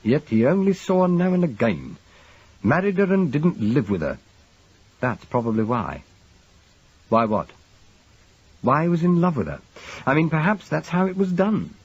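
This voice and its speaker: A man voicing a wry, urbane gentleman detective who reasons things out in a dry, clipped way. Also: a little high, big pitch swings, normal speed, long pauses, slightly rough, highs cut off, pitched above the performer's own voice, exaggerated voice.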